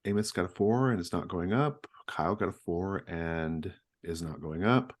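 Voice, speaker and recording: A man's voice: low voice, moderate pace. A man narrating as game master of a tabletop horror game, loose and laughing. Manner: lively, loose, laughing, puts on character voices.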